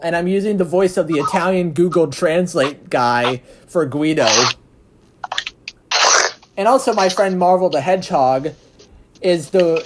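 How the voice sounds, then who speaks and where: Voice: medium pitch, a little mellow. An interviewer hosting a casual chat about a fan production, rambling and restarting sentences. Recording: noisy background hiss.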